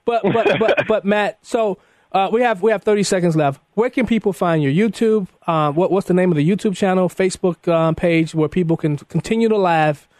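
Animated man hosting radio talk. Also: sits high, fairly quick, no room sound, clean studio sound. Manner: animated, repeats words, restarts often. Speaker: radio talk show host. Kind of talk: casual radio chat.

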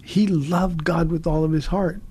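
A man's voice: a little high, fairly even intonation, a little slow, darkish tone, husky. A man in his sixties hosting a call-in radio Bible show, earnest and repeating words as he restarts. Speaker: radio pastor and call-in host.

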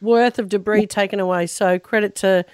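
A woman's voice: medium pitch, steady tone, moderate pace, darkish tone, clean tone, no room sound. A woman co-hosting a breakfast radio show, upbeat and chatty. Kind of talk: casual radio chat.

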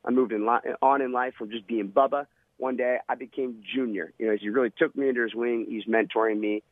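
A man's voice: mid-range voice, steady tone, a little fast, no room sound. Former SEAL telling his story over a phone line. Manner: vivid, dramatic storytelling. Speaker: guest, former Navy SEAL and author. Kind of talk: storytelling interview. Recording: tinny phone-line sound.

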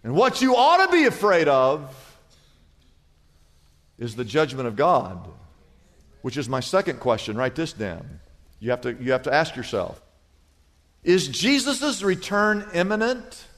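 A middle-aged male pastor delivering a sermon with a high-pitched voice. He tells stories with lively storytelling energy. His voice rings out with a long reverb, as in a large church sanctuary. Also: measured pace, pauses often. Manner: storytelling preacher, animated retelling.

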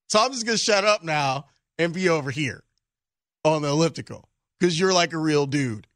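Animated joking sports radio host. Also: male voice, fairly high pitch, moderate pace, no echo, clean studio sound. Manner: animated storyteller, jokey and self-mocking. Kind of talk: casual sports radio chat. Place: radio studio.

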